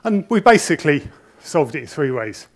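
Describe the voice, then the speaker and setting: A man's voice: on the high side, sing-song, moderate pace. Chatty, nervous man speaking on stage. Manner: chatty and self-deprecating, with frequent restarts. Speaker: conference speaker. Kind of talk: conference presentation, anecdotal storytelling. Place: conference auditorium stage.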